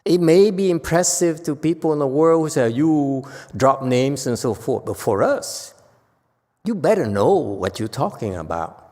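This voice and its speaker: A man's voice: medium pitch, expressive, measured pace, warm tone. A man teaching as a Buddhist master in a Dharma lecture, teasing and blunt with his listeners and laughing often. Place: temple lecture hall. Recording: long hall reverb.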